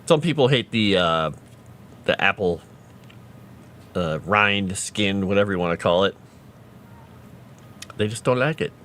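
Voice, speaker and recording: Chatty bright-voiced man streaming. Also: lowish voice, expressive, unhurried, pauses often, a little hiss or hum. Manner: rambling, chatty, reads chat aloud. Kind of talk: casual livestream chat.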